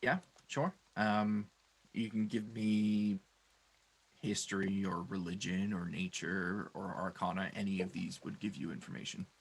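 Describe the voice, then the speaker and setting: A man running a tabletop game as game master, narrating scenes and lore in a measured, descriptive way. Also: low-pitched, fairly even intonation, vocal fry, slightly rough, poor audio.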